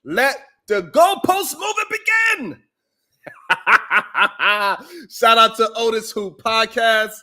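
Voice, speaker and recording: A man's voice: very high voice, lively intonation, slow, bright, forceful tone, raised voice. A man hosting a livestream, talking casually to his chat in a joking, boastful way and laughing often. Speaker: livestream show host.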